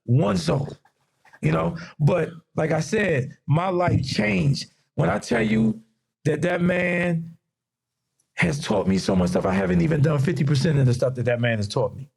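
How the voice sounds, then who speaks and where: A gravelly, husky man with a Mid-Atlantic American accent tells stories on a casual podcast, his voice sitting a little high for a man. He acts out quoted people with lively energy. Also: unhurried. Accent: Mid-Atlantic US (DMV). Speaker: guest fashion designer.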